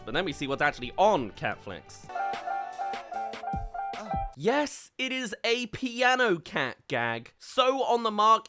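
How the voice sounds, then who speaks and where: A young man delivers a wry, sarcastic film review. His voice sits fairly high and sounds bright and sharp, and his pitch jumps all over the place as he mocks the movie. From United Kingdom. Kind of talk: comedic film review commentary.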